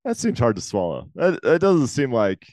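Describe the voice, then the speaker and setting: A man's voice: medium pitch, big pitch swings, normal speed, darkish tone, no echo. A man co-hosting a podcast, bantering playfully and telling jokes in casual finance chat. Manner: playful, tells jokes with put-on quotes. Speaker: podcast co-host.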